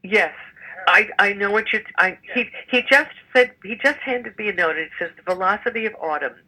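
Bright-voiced older woman, chatty. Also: medium pitch, moderate pace, slightly rough, low-quality recording. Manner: chatty, rambling with frequent fillers. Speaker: musical theater actress, guest. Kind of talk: casual interview chat.

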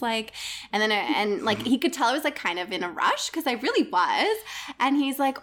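A young woman co-hosting a podcast, telling an animated story in casual chat and acting out the quotes. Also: fairly high pitch, quick pace. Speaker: podcast co-host.

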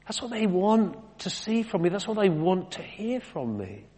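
A man's voice: high-pitched, big pitch swings, normal speed, warm tone, slightly rough. A middle-aged British man, a vicar preaching a sermon in a chatty, conversational way, throwing in rhetorical questions and wry asides about himself. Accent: British English. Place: church. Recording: long church reverb.

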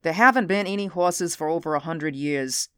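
A woman voicing a big, suspicious man in uniform who speaks crisply and demands answers. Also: sits low, moderate pace, a bit bright, no room sound, clean studio sound.

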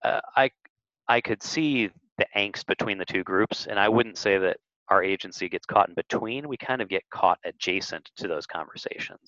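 Male podcast guest, very low voice, animated storyteller, dry dull audio. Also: normal speed, dry recording. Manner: animated storyteller, acts out quotes. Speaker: guest, marketing agency head. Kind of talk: casual interview talk.

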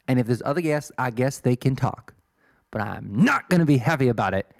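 A man in his twenties from Illinois, USA, hosts a podcast with a rambling, self-deprecating monologue that swears and drifts off topic. His medium-pitched, gravelly voice is expressive and fairly quick, recorded in clean studio sound with no echo.

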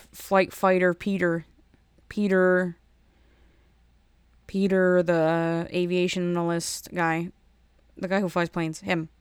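A woman, ranting in a sarcastic, animated monologue that jumps between topics. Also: fairly low pitch, smooth, no echo.

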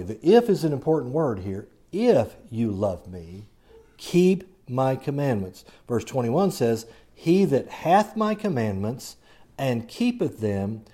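A man delivers a sermon in a dark, mellow voice at an ordinary middle pitch. He preaches in a conversational way, slipping in humor and reading Bible verses aloud to his congregation. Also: husky. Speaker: pastor.

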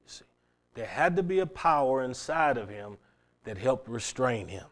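A middle-aged male preacher telling a sermon story, mid-pitched and lively. He stumbles and repeats words as he builds the tale, then drives home the lesson to his congregation. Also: normal speed. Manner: animated storytelling with frequent stammered restarts.

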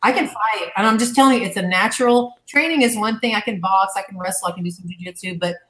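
Profane, animated woman telling a wild story. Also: medium pitch, fast. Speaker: guest. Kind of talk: casual storytelling interview. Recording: echoey room.

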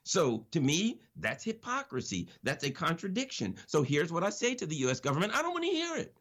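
A man's voice: on the high side, wildly swooping pitch, fairly quick, fairly bright tone. A man giving impassioned political commentary on radio, preacherly and emphatic, with repeated phrases.

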